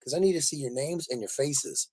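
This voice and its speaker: Mellow-voiced rambling livestream host, a man. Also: mid-range voice, lively intonation, fairly quick, slightly rough. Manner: rambling, with many fillers, reading viewer comments aloud. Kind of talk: casual live-stream chat.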